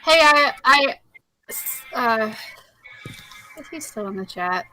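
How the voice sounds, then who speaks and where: Bright-voiced woman rambling on a call. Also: on the high side, lively intonation, takes it slowly, no echo, soft background music. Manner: chatty, rambling, laughs often. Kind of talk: casual group chat. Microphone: video call.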